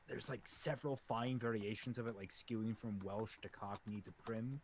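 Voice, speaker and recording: A man co-hosting a casual fan podcast, talking in a rambling, animated way with lots of fillers. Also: fairly low pitch, moderate pace, a little hiss or hum. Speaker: podcast co-host. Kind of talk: casual chat.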